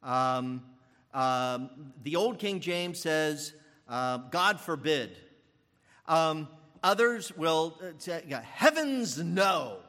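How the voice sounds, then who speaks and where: A man's voice: on the high side, extremely slow, bright, forceful tone, in a large hall. An older man preaching a sermon as pastor, thinking aloud with fillers and restarts.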